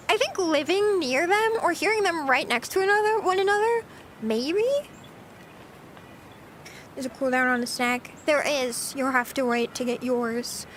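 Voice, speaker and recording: A woman's voice: very high voice, a bit bright, slight background noise. A woman streamer chatting casually with her live chat, giggly and talkative, answering questions as she goes.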